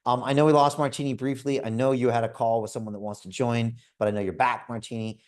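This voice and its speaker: Man, fifties, host, energetic sales pitch, storytelling, video call. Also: quick pace.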